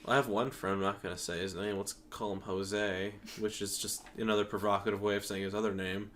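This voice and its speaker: A young man talking casually with friends, hesitant at first and then relaxed and easygoing. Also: fairly low pitch, brisk, a little hiss or hum. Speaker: friend in a group chat. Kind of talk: casual chat among friends.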